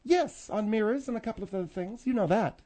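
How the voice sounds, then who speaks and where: A man's voice: high-pitched, animated, a little fast, dark tone, voice pushed up. Man putting on a feisty older lady singer. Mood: indignant. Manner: indignant, defensive, gushing. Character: feisty older woman, a former backup singer. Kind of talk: radio comedy sketch.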